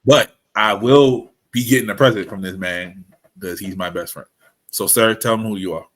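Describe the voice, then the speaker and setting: A man's voice: on the low side, moderate pace, fairly bright tone. A man co-hosting a podcast, chatting casually and joking around with his best friend. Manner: playful, joking banter. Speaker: podcast co-host. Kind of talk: casual chat. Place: away from usual studio.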